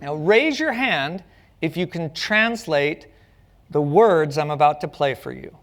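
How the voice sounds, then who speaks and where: A man's voice: on the high side, animated, measured pace. A man giving a public lecture on stage, telling stories with a playful, joking manner. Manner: playful storytelling with jokes. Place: stage at a community arts center.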